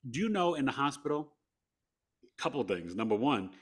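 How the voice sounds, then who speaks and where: Animated New York man telling stories. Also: mid-range voice, moderate pace, breathy edge. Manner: animated storyteller, acts out quotes, laughs often. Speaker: guest. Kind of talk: storytelling in a podcast interview.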